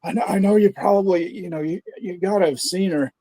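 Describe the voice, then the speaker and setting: A man voicing a frantic, jealous prank caller with a strained, raspy, high voice. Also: brisk, warm tone, slight background noise. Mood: pleading.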